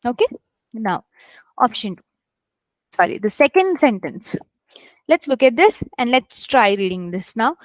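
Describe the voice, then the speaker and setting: A woman with a high voice runs a live online English lesson, talking her students through reading aloud. She fills her talk with okays and calls them guys, stretching out words to show stress. The sound is dry and close, with no room around it. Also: sing-song, a little slow, pauses often, no room sound, poor audio. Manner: chatty, addresses students as guys, many okays. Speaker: English test instructor. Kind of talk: live online class teaching.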